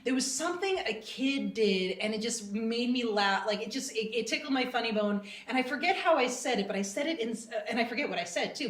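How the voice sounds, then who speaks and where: Young woman, Boston accent, fairly high voice, casual swearing podcast chat, distant from mic, echoey room. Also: a bit bright. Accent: Boston, slipping in at times. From Boston, USA. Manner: swearing, laughing, slips into a rough Boston voice. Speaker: podcast co-host.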